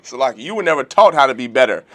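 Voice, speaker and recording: A man's voice: medium pitch, lively intonation, fast, bright, forceful tone. A man teaching a religious law class, preaching emphatically and firing off rhetorical questions. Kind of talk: lecture-style sermon.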